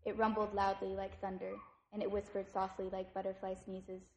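A woman's voice: medium pitch, monotone, normal speed, a little mellow. Woman reading a story in an echoey room. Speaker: reader at a service. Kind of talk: reading a picture book aloud. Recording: echoey room with faint noise.

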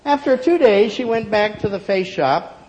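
Expressive male storyteller. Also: high voice, normal speed, muffled recording, a little hiss or hum. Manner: expressive, playful, acts out the characters. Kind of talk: oral storytelling.

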